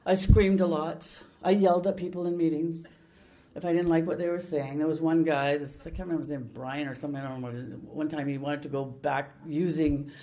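A woman's voice: sits low, fairly even intonation, a little fast, dark tone, lo-fi sound. An older woman from Canada sharing her recovery story at a meeting, in a blunt, salty way with many restarts.

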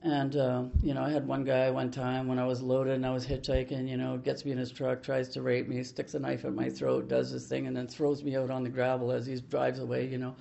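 A woman's voice: rumbling low, monotone, brisk, gravelly, few pauses, dark tone, muffled recording. An older woman from Canada sharing her recovery story at a meeting, in a blunt, salty way with many restarts.

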